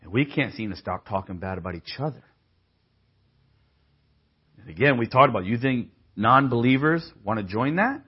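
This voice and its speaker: Husky-voiced male preacher, casual and humorous. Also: mid-range voice, animated, normal speed, pauses often, muffled recording. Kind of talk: sermon.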